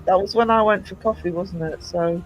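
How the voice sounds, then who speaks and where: A man hosting a casual live-stream chat, hoarse from just waking up, who laughs often and teases his guests. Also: high voice, fairly even intonation, brisk, soft background music, low-quality recording. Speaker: host.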